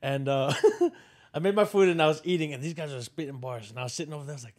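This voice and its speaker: A man in a casual podcast chat, retelling a story quickly with slang and laughter. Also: a little high, animated.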